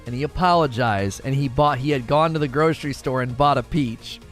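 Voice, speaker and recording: A man's voice: mid-range voice, a little fast, soft background music. A man hosting a live gaming talk show, ranting with emphatic opinions. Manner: animated, emphatic opinion rant.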